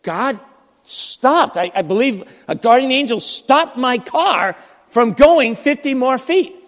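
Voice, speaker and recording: Startled driver voice put on by a male preacher, lively exclaiming, hall reverb. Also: very high-pitched, takes it slowly, voice pushed up, heavily acted.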